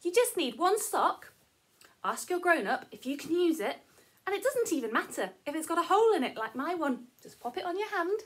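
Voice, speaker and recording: A woman's voice: extremely high pitch, sing-song, fairly quick. A woman teacher giving a playful, sing-song lesson to young children.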